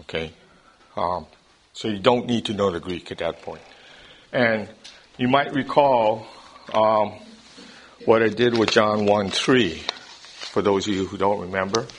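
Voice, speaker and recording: A man's voice: fairly low pitch, unhurried, pauses often, slight background noise. A man teaching a Bible study class in a classroom lecture style. He explains things step by step, often checks in with his listeners, and repeats words as he starts a thought.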